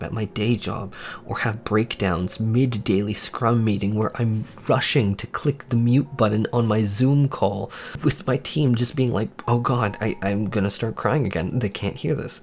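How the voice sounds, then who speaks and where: A man, a gaming YouTuber, speaking in a candid personal monologue, earnest and frustrated, halting with repeated restarts. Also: on the low side, a little hiss or hum.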